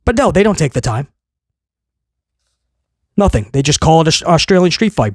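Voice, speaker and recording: A man's voice: a little high, very animated, moderate pace, pauses often, darkish tone, dry recording, studio quality. A man hosting a casual video review, ranting in a sarcastic, exasperated way and rambling with many restarts. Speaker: wrestling show reviewer, host.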